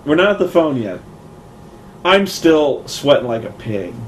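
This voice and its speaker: Animated male storyteller, high and lively, profane, does everyone's quotes. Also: a little slow, slight background noise. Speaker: host telling a story. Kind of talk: casual storytelling podcast.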